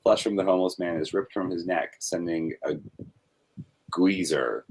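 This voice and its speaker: A man reading comic script panel descriptions aloud in a flat read-through, breaking off for offhand critiques. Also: deep voice, brisk, slight background noise.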